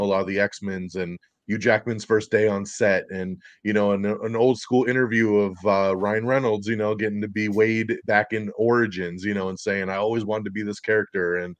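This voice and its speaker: A man's voice: on the low side, dry recording. A man hosting a casual podcast chat about movies, talking animatedly with frequent fillers and laughs. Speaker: podcast host.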